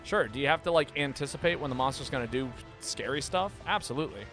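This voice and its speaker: A man live-streaming a game, talking casually and playfully, often stumbling and repeating words when excited. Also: medium pitch, fast talker, faint music behind.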